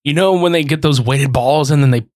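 A man's voice: on the high side, brisk, a little mellow. A man co-hosting a casual podcast chat in a laid-back, profane, joking way.

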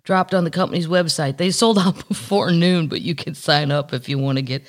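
A woman's voice: low-pitched, a little fast. A woman from Missouri hosting a casual podcast, chatting and joking while reading news stories aloud. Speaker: podcast host.

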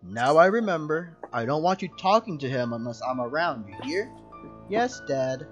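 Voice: mid-range voice, very animated, normal speed, lo-fi sound, faint music behind, lightly acted. A storyteller reading a stern father's lines in nearly their own voice. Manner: plain reading voice.

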